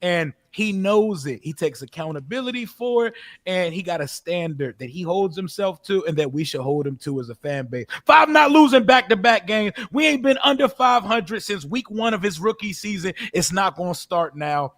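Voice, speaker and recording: A man with a high, lively voice argues for his team in slangy, profane casual talk. His sound is dry and close, from a home mic on a live video call. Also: normal speed, dry recording. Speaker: Commanders fan panelist. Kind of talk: casual sports chat.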